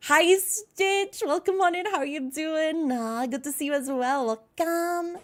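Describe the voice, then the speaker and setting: Chatty high-voiced young woman streamer. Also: unhurried, heavy background noise. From United States. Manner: chatty, greets viewers by name, giggly and self-mocking. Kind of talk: casual live-stream chat.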